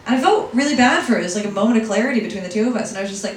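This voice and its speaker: Young woman from Philadelphia, stand-up storytelling, chatty, self-deprecating, fairly high voice, echoey club, distant mic. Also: lively intonation, very fast, few pauses. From Philadelphia, USA. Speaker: stand-up comedian. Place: comedy club stage. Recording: echoey room, distant mic, audience laughter.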